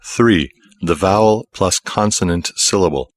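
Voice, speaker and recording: Deep-voiced man narrating a language lesson. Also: no echo. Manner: measured, explanatory. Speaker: course narrator. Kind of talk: scripted instructional narration.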